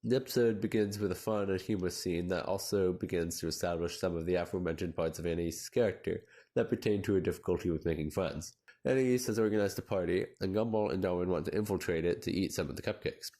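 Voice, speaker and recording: A young man reading a scripted narration in a measured, analytical way. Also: deep voice, dark tone. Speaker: video essayist.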